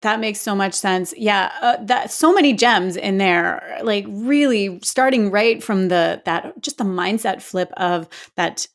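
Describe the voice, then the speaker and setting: A woman's voice: mid-range voice, a little slow, few pauses. A woman, a doctor, hosting an interview and encouraging her guest in casual talk. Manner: friendly, encouraging, many hums of agreement. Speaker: podcast host, doctor.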